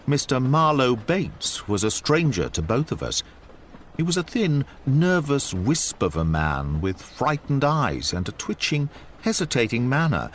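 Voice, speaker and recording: Expressive male audiobook narrator. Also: mid-range voice, slight background noise. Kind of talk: storytelling narration for sleep. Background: faint train cabin ambience.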